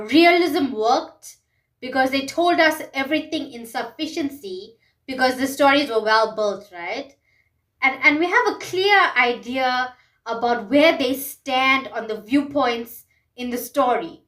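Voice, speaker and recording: Emphatic high-voiced woman vlogger. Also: fairly bright tone. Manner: emphatic, repeats phrases, asks rhetorical questions. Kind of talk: passionate music commentary monologue.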